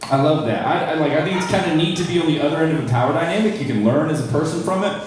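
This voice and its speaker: A man's voice: on the high side, racing, a little hiss or hum. A young man from North Charleston performing a stand-up comedy set to a small crowd, with wry, self-deprecating crowd work. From North Charleston, South Carolina, USA. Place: small live comedy room. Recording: echoey room from a distant mic.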